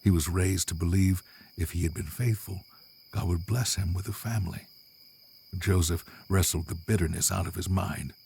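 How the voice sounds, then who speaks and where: Very deep-voiced male storyteller. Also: fairly even intonation, creaky, darkish tone, slight background noise. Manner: measured, dramatic. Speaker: narrator. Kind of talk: scripted storybook narration.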